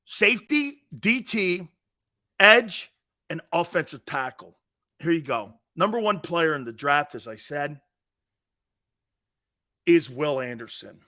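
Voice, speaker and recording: A man's voice: on the high side, very animated, slow pace, long pauses, sharp tone. A man hosting a sports talk show, blunt and brash, trash-talking callers and hammering his points home with a repeated "Okay?".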